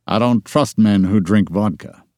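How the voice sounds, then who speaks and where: A man's voice: on the low side, a little slow, a little mellow, no echo, natural voice. A man playing a grumbling, dry-humored boss. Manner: grumbling, coaxing banter. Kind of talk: audiobook character voice.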